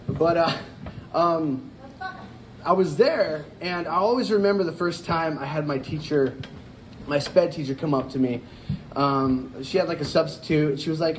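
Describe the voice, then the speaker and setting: A man's voice: a little high, moderate pace, a little hiss or hum. A man doing a stand-up set on a club stage, rambling with lots of fillers and laughing at his own jokes. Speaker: stand-up comedian. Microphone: handheld stage mic. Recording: live club audience audible. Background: audience laughter.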